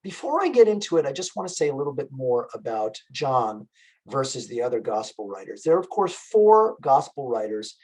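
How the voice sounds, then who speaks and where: Man lecturing with steady explanations. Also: mid-range voice, low-quality recording. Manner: explanatory, measured, with frequent fillers. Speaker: music lecturer. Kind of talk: online lecture.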